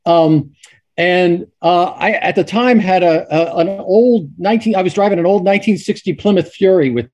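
A man's voice: sits high, normal speed, darkish tone. A middle-aged man, a sportswriter guest, telling stories casually with many restarts and fillers. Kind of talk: casual storytelling.

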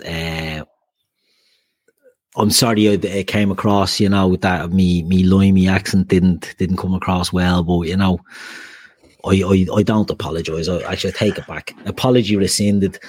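Male podcast host, husky and low, dry close sound, casual bantering football chat. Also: steady tone, normal speed, darkish tone, no room sound. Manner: banter, jokey asides to listeners.

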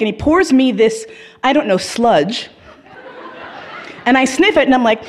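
A woman telling a comic story, swearing freely and laughing as she goes, with lively swings in her voice. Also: fairly high pitch, normal speed, long pauses, slight background noise. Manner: profane, laughing through the telling.

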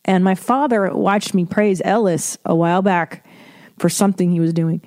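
Mellow, profane woman podcast host. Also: on the low side, steady tone, moderate pace. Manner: frank, profane, self-deprecating, rambling. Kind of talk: casual solo podcast monologue.

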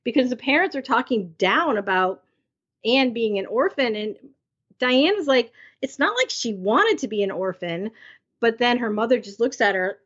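A middle-aged woman with a husky, fairly high voice talks casually as a podcast co-host, with lots of fillers. The recording sounds dull and lo-fi. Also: animated, normal speed, fairly bright tone. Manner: conversational, many fillers. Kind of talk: casual recap chat.

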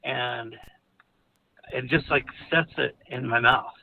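A male caller speaks slowly in a creaky, mid-range voice, his phone line tinny with a bit of hiss or hum. He recounts a personal story openly and meanderingly, with chuckles between phrases.

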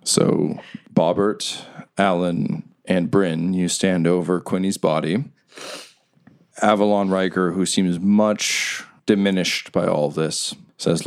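Game master, male, low gravelly voice, dramatic scene-setting. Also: steady tone, slow pace. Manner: vivid, dramatic storytelling. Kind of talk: narrating a tabletop game.

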